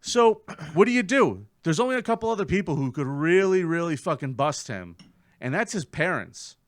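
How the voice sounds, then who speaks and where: A man co-hosting a comedy podcast, telling a crime story in a profane, animated way and acting out the people in it. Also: on the high side, normal speed, dry recording, clean studio sound. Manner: profane, animated, acts out quotes. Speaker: podcast co-host.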